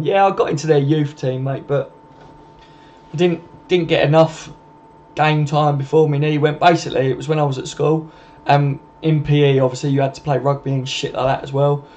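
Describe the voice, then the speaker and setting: Sweary, matey young man, mellow voice. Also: on the high side, muffled recording, a little hiss or hum. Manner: sweary, laughing, matey banter. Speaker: live stream host reading viewer comments. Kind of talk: casual live stream chat.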